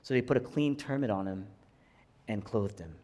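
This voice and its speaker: A man preaching a sermon, swinging from hushed low passages to loud, rising climaxes. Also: expressive, moderate pace. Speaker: pastor. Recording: long hall reverb.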